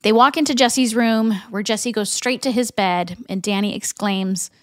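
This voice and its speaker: A woman's voice: mid-range voice, moderate pace, a bit bright, dry recording, clean studio sound. A woman co-hosting a podcast, retelling a TV episode scene by scene and reading the characters' lines aloud with chatty asides. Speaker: podcast co-host. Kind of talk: episode recap narration.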